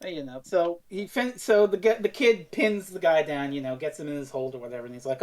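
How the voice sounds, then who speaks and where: A woman's voice: low voice, a little fast, hardly any pauses, darkish tone. A woman co-hosting a podcast, casually retelling a television episode and acting out the scenes as she goes. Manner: loose and profane, acts out the scenes she retells. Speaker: podcast co-host.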